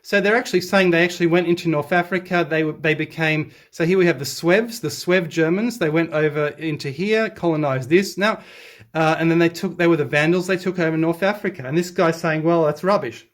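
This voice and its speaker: Excitable man rebutting an article. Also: brisk. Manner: excitable, sarcastic, pitch jumps on emphasis. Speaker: history video commentator. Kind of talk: reading aloud and rebutting an article.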